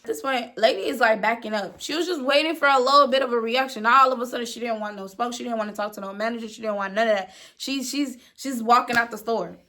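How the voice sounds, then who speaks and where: A young woman in her twenties casually telling an animated story to her phone camera, with emphatic slang and repeated words. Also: a little high, quick pace. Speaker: storyteller vlogger.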